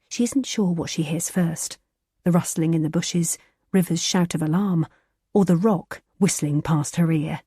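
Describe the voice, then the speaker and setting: A woman reading a thriller audiobook in a tense, measured narrating style. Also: on the low side, dark tone, slightly rough, dry recording, studio quality.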